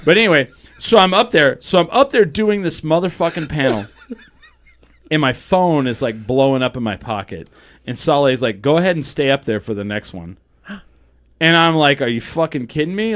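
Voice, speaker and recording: A podcast host in casual chat, telling stories in a profane, animated way with quick, run-on delivery full of restarts. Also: male voice, medium pitch.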